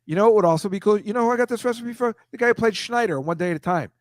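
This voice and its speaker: A man's voice: sits high, rapid-fire, no echo, studio quality. Rambling self-mocking male comedian. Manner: rambling, self-deprecating, slips into silly voices. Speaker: comedian host. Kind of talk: casual comedic chat on a video call.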